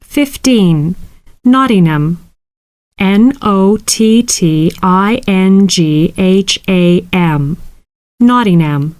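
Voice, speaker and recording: Slow, dry-voiced woman spelling words. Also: medium pitch, expressive, a little mellow, no echo. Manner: slow, clearly spelled-out dictation. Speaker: lesson reader. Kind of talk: scripted listening exercise reading.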